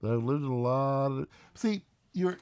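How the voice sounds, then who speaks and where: A man with a medium-pitched, slightly mellow, smooth voice speaks at a normal pace with no echo. He's hosting a casual live stream from home, rambling as he reads viewer comments aloud, teasing them and laughing often.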